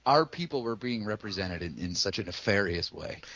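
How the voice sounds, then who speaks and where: Low-voiced guy from massachusetts, swears a lot and jokes around, dry kinda dull mic. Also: moderate pace, dry recording. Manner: profane, jokey, animated. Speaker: podcast co-host. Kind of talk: casual movie chat.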